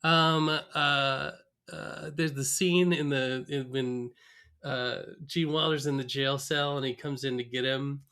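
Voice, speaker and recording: A man's voice: mid-range voice, fairly even intonation, sharp tone, clean tone. A man co-hosting a podcast in casual chat, laughing often and riffing on scenes. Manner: laughing, chatty, quick to riff. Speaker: podcast co-host.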